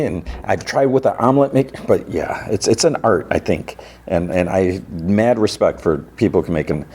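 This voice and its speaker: A man's voice: low-pitched, a little mellow, slightly rough. A man hosting a podcast, casually recapping TV scenes in a rambling way and retelling them with "he's like.". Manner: rambling, paraphrases scenes with "he's like" and laughs at himself. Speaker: podcast host.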